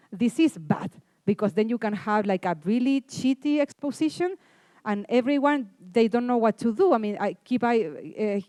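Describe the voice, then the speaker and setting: A woman from Chile with a Chilean Spanish accent, giving a classroom lecture in a halting way, restarting sentences and filling pauses. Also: mid-range voice, mellow, clean tone, no room sound. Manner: halting, self-correcting speech with many fillers. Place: lecture room.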